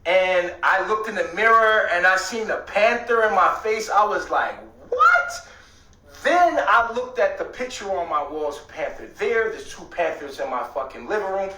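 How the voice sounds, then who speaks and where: A man telling a rambling story in casual talk, swearing often and at times breaking into shouts. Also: high-pitched, moderate pace, hardly any pauses, far from the mic, slight background noise. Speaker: host. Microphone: streaming setup. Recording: echoey room, away from the mic.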